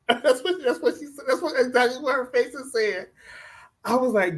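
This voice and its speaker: A woman's voice: fairly high pitch, moderate pace. A woman co-host chatting casually, laughing and adding agreeing comments during a recap.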